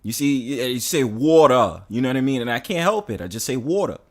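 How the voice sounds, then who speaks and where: A man with a New York accent hosts a casual online chat, slangy and animated as he talks. His voice sits at an ordinary middle pitch. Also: fast talker.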